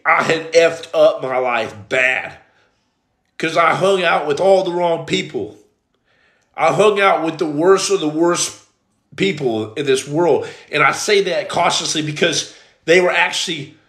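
A man's voice: fairly high pitch, measured pace, fairly bright tone. A man telling his personal testimony in a blunt, emphatic, streetwise way, like a preacher. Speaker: storyteller giving testimony. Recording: roomy echo.

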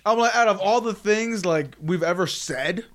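A fairly high-voiced man chatting loosely on a podcast with friends. He swears freely and keeps laughing through his stories. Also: moderate pace, a bit bright. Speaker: podcast co-host. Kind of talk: casual chat.

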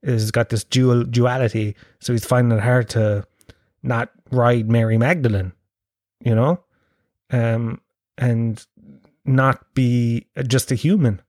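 A man's voice: mid-range voice, fairly even intonation, slow pace, a little mellow, dry recording, clean studio sound. A man chatting casually as a podcast host, rambling, swearing and poking fun at himself. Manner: sweary, rambling, self-mocking. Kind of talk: casual chat.

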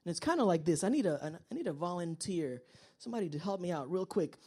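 A woman's voice: lowish voice, quick pace, husky. A woman preaching a sermon. She tells stories with energy and acts out the voices of the people in them. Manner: animated storytelling, acts out quoted voices. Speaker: pastor. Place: church.

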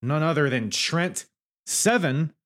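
A man's voice: on the high side, expressive, takes it slowly, a bit bright. A man hosting a podcast, chatting casually and enthusiastically as he reviews old wrestling matches, often laughing. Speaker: podcast host.

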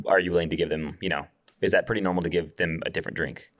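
A man with a very low voice co-hosts a podcast and talks quickly. He sounds easygoing and uses casual slang. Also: fairly even intonation. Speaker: podcast co-host.

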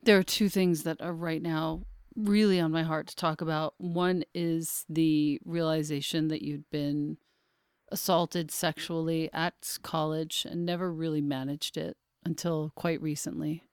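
Woman podcast host, low smooth voice, gentle, dry close sound. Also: fairly even intonation, measured pace, dry recording. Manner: gentle, encouraging. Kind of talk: interview.

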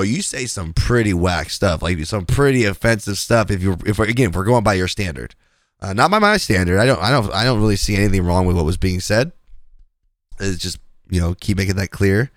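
A man's voice: on the low side, fairly bright tone, no echo, studio quality. A man hosting a podcast, talking through online drama in a loose, rambling way. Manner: rambling, many fillers and restarts. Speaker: podcast host. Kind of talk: casual commentary.

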